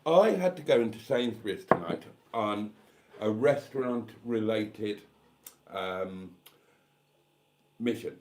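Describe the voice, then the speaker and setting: A man's voice: on the low side, lively intonation, takes it slowly, long pauses, very noisy. A man in his fifties from England, hosting a casual evening chat with his viewers over a glass of wine, camp and theatrical with cheeky asides. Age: 50s. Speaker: channel host.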